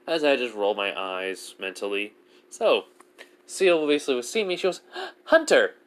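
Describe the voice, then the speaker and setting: A man's voice: medium pitch, big pitch swings, moderate pace, clean tone. Rambling man telling fan fiction. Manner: rambling, heavy use of filler words. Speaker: fan storyteller.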